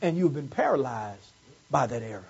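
During a Sunday morning church service, a man preaches in call-and-response style, repeating phrases for emphasis and swelling into fervent peaks. His medium-pitched voice is very animated, creaky and darkish with a breathy edge, at normal speed. The audio is dull.

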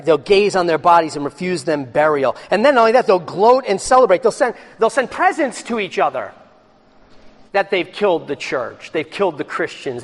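A man preaching a sermon as pastor, swinging between loud excited bursts and low hushed lines.

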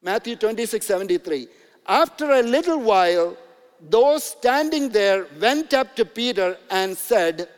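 A man's voice: high-pitched, expressive, a little slow, big-room sound. A man preaching a sermon as pastor, in a loose, conversational storytelling manner with many fillers and asides.

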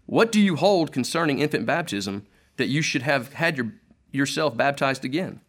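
A stern male court official poses formal, probing questions to a prisoner, as a man reads him out in his own voice. The pitch sits in the middle range for a man. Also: animated, moderate pace, fairly bright tone, close to an everyday voice. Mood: interrogating.

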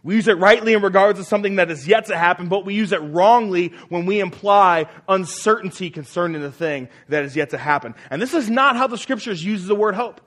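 A man's voice: high voice, brisk, few pauses, fairly bright tone. A man preaching a sermon as pastor, emphatic and repeating key phrases, often asking the congregation questions.

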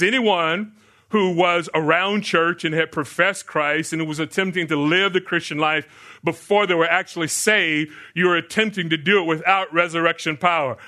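A man's voice: on the high side, bright, forceful tone. An older man preaching a sermon, asking the congregation rhetorical questions and answering them himself. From United States. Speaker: pastor.

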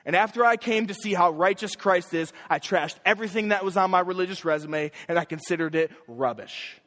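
A young man with a high voice preaches a sermon, pushing his pitch up sharply on each key point. His emphatic delivery rings out through a church hall with a long, trailing reverb. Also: brisk, fairly bright tone. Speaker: young adults pastor.

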